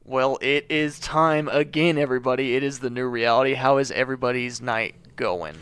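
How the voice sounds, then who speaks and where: A man's voice: mid-range voice, moderate pace, a bit bright, smooth, no echo. A man co-hosting a paranormal podcast, chatting loosely and swearing casually, with lots of ums and restarts. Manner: loose and profane, with frequent fillers and restarts. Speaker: podcast co-host.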